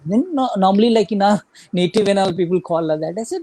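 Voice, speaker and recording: A man's voice: sits high, expressive, fast, warm tone, dry recording. Rambling Indian man telling a running story. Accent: Indian English. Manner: rambling, full of "you know" and "like" fillers. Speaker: guest ultramarathon runner. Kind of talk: casual storytelling interview.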